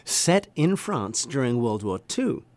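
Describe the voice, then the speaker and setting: Male conductor, animated and eager presenter, mid-range voice, no room echo. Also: mid-range voice, takes it slowly. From England. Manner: enthusiastic, hums melodies aloud. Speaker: orchestra conductor. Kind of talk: presenting a concert program.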